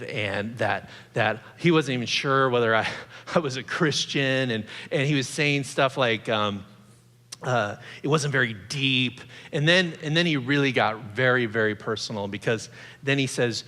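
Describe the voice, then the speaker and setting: Middle-aged male guest pastor, bright, slightly high voice, storytelling sermon, long church-hall reverb. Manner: animated, joking storytelling. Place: church auditorium.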